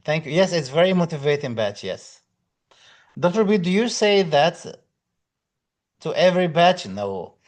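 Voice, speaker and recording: A male lecturer with a slightly high voice talks casually on a live stream. He greets viewers one by one, reads out their comments and answers them in loose, filler-heavy English. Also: very animated, a little slow, long pauses. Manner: non-native English phrasing with fillers. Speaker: exam prep lecturer.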